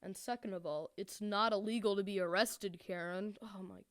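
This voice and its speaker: Mocking woman host with a smooth voice. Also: mid-range voice, steady tone, normal speed. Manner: mocking, exasperated, rambling with fillers. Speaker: commentary video host. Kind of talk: sarcastic reaction commentary.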